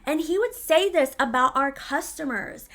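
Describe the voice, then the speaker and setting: A woman's voice: high voice, animated, moderate pace, fairly bright tone. A woman telling a storytime to her vlog audience in a casual, blunt way, swearing freely.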